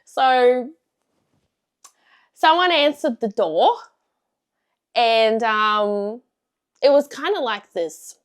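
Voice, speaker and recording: A young woman vlogging a casual storytime, blunt and sweary, laughing often and swinging from loud to hushed. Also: fairly high pitch, expressive, very slow, long pauses, clear, resonant tone.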